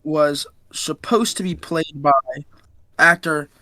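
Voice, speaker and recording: A man's voice: fairly high pitch, takes it slowly, bright, forceful tone, dry recording. A young man co-hosting a casual podcast, reading out news items and stumbling over names. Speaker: podcast co-host. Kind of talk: casual chat.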